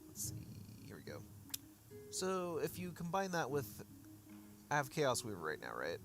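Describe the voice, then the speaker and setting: Over music, a man streaming a game offers casual livestream commentary at a moderate pace, his fairly high voice swinging hugely in pitch. He rambles and restarts often while answering chat, and his voice is going, sounding a bit worn.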